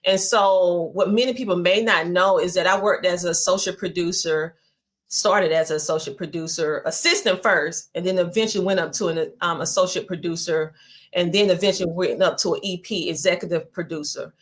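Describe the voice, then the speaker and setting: A middle-aged woman with a heavy Southern accent, a podcast guest telling her story in a candid, animated conversational way. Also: lowish voice, brisk. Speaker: podcast guest, media entrepreneur.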